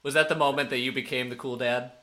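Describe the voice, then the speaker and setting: Podcast host man, quick reactions. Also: mid-range voice, fairly even intonation, bright, forceful tone. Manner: short upbeat reactions and laughs. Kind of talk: casual interview chat.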